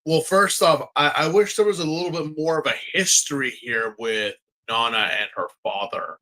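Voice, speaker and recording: A man co-hosts a podcast in a slightly high, bright, forceful voice at normal speed. His casual chat rambles, full of fillers and restarts.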